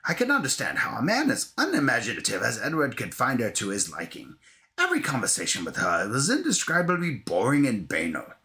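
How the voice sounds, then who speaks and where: A man's voice: mid-range voice, wildly swooping pitch, brisk, pushed and bright, voice pushed down, full character voice. A man voicing a prim, haughty elderly English grandmother with an English accent, condescending and cutting in a board game reading. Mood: disdainful.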